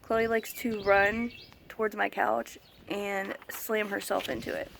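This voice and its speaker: A young woman ranting in a casual vlog, emphatic and fed up, with a gravelly fry creeping into her mid-pitched voice. Faint outdoor ambience and a few birds sit behind her. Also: flat delivery, measured pace, fairly bright tone, slight background noise. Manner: exasperated, emphatic, mimics other people. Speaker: vlogger, autism parent.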